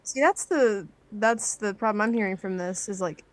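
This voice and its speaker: A woman co-hosting a podcast, chatting casually in a thoughtful, measured way. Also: mid-range voice. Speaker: podcast co-host. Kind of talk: casual chat.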